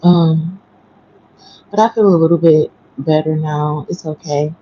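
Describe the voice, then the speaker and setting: A low, husky woman, just awake and chatting quietly on an early-morning livestream from home. Her voice is mellow and sits close and dry on a dull, lo-fi stream. She rambles loosely from one thought to the next. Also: fairly even intonation, a little slow. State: just woke up. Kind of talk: casual storytelling livestream. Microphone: headphones with mic.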